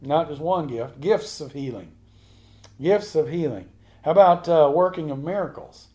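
A man's voice: on the high side, expressive, normal speed, warm tone. A man preaching a sermon as a pastor, building up to emphatic repeated lines.

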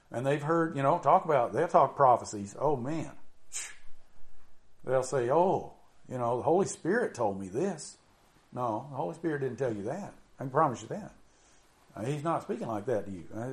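A middle-aged preacher, a man with a somewhat high voice, talks in a loose, chatty way. He leans on drawn-out emphasis and keeps filling with "you know" as he preaches. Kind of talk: informal sermon.

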